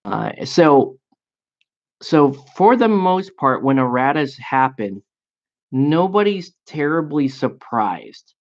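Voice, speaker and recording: A miniature painting and gaming host chats casually about a tabletop game, his medium-pitched voice very animated yet slow-paced, with lo-fi sound. He rambles, filling in with frequent fillers and restarts.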